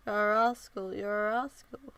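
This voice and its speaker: Woman, mid-pitched, soft cooing pet talk, casual vlog, noisy recording with a bird in the background. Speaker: vlogger. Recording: loud background noise.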